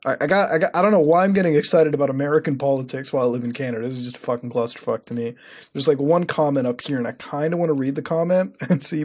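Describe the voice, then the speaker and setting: A husky-voiced man in his twenties rants sarcastically and profanely during casual screen-recording commentary while browsing the web, breaking into sudden high-pitched outbursts. His tone is steady and a little mellow, and he talks at a racing pace.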